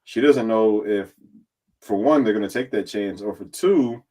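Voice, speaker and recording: A man's voice: lowish voice, normal speed. A man casually recapping events as a podcast guest, swearing freely and acting out what others said. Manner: animated and profane, acting out others' lines in quotes. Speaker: reality competition contestant and guest.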